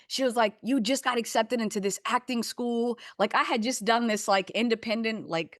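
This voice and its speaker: A young woman, a podcast guest, telling her life story in a casual, animated way, swearing freely and acting out what her parents said. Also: on the high side, no echo, clean studio sound.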